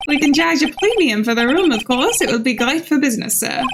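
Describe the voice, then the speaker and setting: A woman's voice: sits high, lively intonation, brisk, noisy background. A woman voicing an overly polite, fame-hungry male hotel bellboy who keeps calling people sir, while reading a game aloud. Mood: eager, fawning. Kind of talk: playthrough voice acting of game text. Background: game music.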